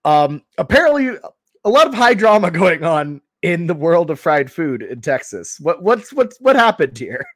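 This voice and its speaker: Young man, podcast host, lively pitch, filler-heavy casual chat, dry close sound. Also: moderate pace, dry recording. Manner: hedging, filler-heavy, steering the talk.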